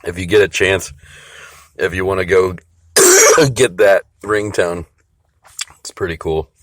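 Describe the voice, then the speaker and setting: A man's voice: low voice, big pitch swings, takes it slowly, fairly bright tone, no echo, clean studio sound. A man casually telling a personal story, rambling and profane, full of fillers and restarts.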